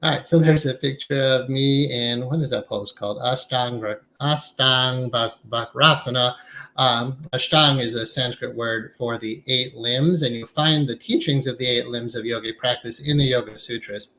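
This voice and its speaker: A man giving a conversational lecture on meditation to a class, talking in a relaxed, reflective way with some fillers. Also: medium pitch, moderate pace, rough recording. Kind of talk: casual lecture.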